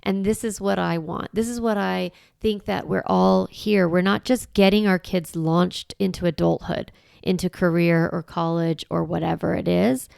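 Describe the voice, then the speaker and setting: A woman's voice: lowish voice, steady tone, moderate pace, gravelly, darkish tone, smooth, dry recording, studio quality. A woman in her forties hosting a solo podcast, talking in an earnest, reflective way with light laughs. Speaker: podcast host.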